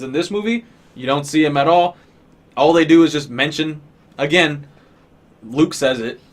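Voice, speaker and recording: A man's voice: on the high side, measured pace, pauses often. A man giving an exasperated, profane, sarcastic rant as a movie reviewer. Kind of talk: ranting film review.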